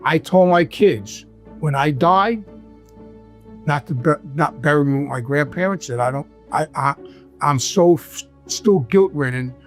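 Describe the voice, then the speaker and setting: A man with a thick New York accent tells his stories in a loose, rambling way, with slightly higher pitch than most men. He restarts sentences and keeps checking in with his listener. Faint music plays underneath. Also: a little slow. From Brooklyn, New York. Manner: rambling, restarts, frequent "right?". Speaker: guest, former mobster. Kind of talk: casual storytelling.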